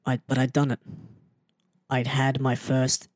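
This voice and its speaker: A man telling a story in a casual, animated and self-mocking way, often jumping into an excited higher voice. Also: a little slow, no echo, clean studio sound. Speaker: storyteller recounting his wrestling start.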